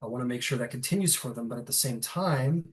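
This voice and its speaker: A man's voice: mid-range voice, quick pace, lightly acted, rough recording. A man voicing a scheming noble baron, persuasive and businesslike in a fantasy game.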